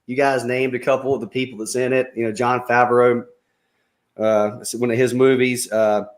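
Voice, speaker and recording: A man's voice: medium pitch, little pitch movement, normal speed. A man chatting casually as a panel guest, enthusiastically retelling favorite movie scenes. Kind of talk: casual chat.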